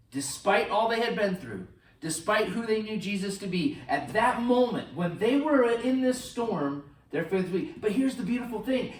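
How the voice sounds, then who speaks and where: A man preaching a sermon as pastor, animated, swinging between loud bursts and hushed lines. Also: high voice, roomy sound, far from the mic, rough recording. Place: church sanctuary.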